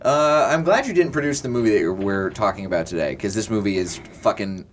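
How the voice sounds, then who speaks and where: Male podcast host, lowish voice, jokey and loose, faint rumble behind. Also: expressive, fast talker. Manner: joking, laughs while talking. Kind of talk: casual comedic chat.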